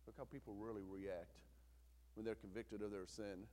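A man preaching a sermon, swinging between loud, intense retelling and hushed, quiet emphasis. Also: fairly low pitch, fairly even intonation, normal speed. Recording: long hall reverb.

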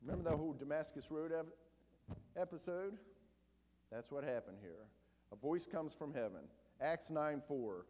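A male preacher with a fairly high, very lively voice, delivering a sermon with strong emphasis. He swings from loud, pressing lines to low, hushed ones. The sound carries a long hall reverb. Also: moderate pace. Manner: emphatic, rises loud then drops very low and quiet.

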